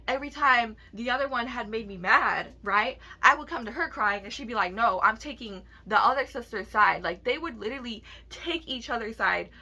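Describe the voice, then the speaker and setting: Bright-voiced young woman ranting. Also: a little high, lively intonation, brisk, hardly any pauses, slightly rough. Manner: emotional, heavy swearing, ranting to camera. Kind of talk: casual vlog rant.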